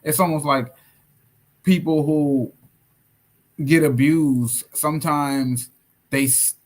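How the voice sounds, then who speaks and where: A man talking as a podcast guest, hesitant and reflective, with halting starts. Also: fairly high pitch, steady tone. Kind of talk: casual conversation.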